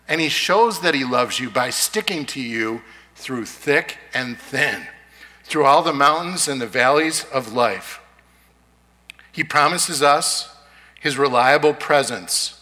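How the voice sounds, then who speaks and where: A man delivers a sermon from the front of a church, earnest and deliberate, stretching out key phrases. His voice is bright and forceful, and it rings with the long reverb of the sanctuary. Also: medium pitch. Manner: earnest, slows down for emphasis. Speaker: pastor.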